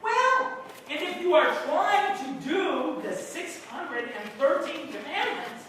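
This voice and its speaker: Male pastor, high, bright voice with a lively swing, slow sermon delivery, recorded from a distance in a very reverberant church hall. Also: a little hiss or hum. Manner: slow, deliberate, asks the congregation questions. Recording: very echoey room, mic far off.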